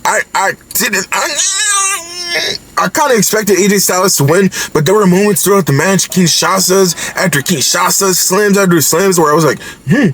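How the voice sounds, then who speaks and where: A man from Canada giving a casual, excited wrestling recap, repeating words and bursting into shouts. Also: high voice, normal speed, a little hiss or hum. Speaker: wrestling commentary vlogger.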